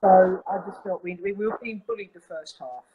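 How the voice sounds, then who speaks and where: A man's voice: high-pitched, moderate pace, narrow, tinny audio, background noise. A man on a video call giving his opinions on a football match, earnest and opinionated. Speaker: caller. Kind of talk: casual football chat.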